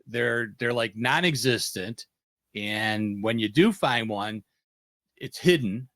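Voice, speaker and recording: A man's voice: medium pitch, slow, dry recording. A man from the United States hosting a casual panel podcast, telling stories and acting out quoted lines. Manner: animated storyteller, acts out quotes. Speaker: podcast host.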